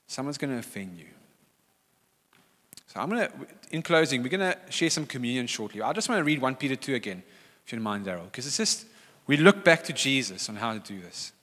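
Man, middle-aged pastor, bright lively voice, emphatic sermon, long hall reverb. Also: mid-range voice, fairly quick. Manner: animated, emphatic, repeats key phrases. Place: church hall.

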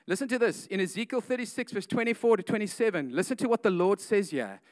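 A man's voice: high voice, animated, fast talker. A man preaching a casual sermon, retelling a story with slangy asides like "man" and "guys".

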